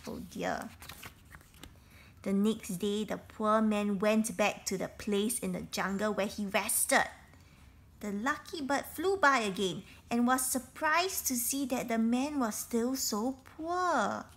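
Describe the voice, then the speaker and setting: Woman reading a kids picture book, slightly high voice, explains stuff simply as she goes. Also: a bit bright. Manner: slow, explains words and events in simple asides. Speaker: storybook reader.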